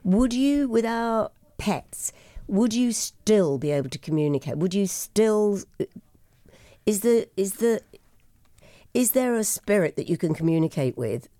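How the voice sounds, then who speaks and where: Mellow-voiced woman host, halting. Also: medium pitch, lively intonation, no room sound. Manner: emotional, rambling, halting. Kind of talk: casual chat.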